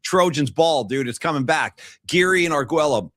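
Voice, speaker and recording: A man co-hosting a casual sports podcast over a video call, from San Francisco, telling animated stories and quoting movie lines. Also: fairly high pitch, moderate pace, no echo. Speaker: podcast co-host.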